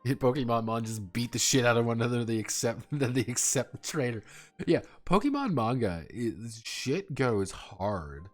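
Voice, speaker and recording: An excitable male streamer in loose live-stream chat, his pitch swinging freely up and down as he rambles. He swears constantly and laughs often. Faint music plays behind him. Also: a little fast.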